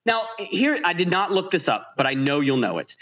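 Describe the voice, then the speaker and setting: A man co-hosting a casual film podcast, walking through a movie scene by scene with plenty of laughter. His voice is bright and forward and sits a touch high. He tells the story animatedly. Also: moderate pace. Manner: animated retelling with frequent laughs. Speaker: podcast co-host. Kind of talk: casual movie-review chat.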